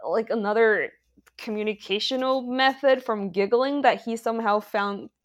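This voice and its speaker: A woman co-hosting a casual podcast, blunt and quick to swear, reacting to stories. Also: fairly high pitch. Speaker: podcast co-host. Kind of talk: casual chat.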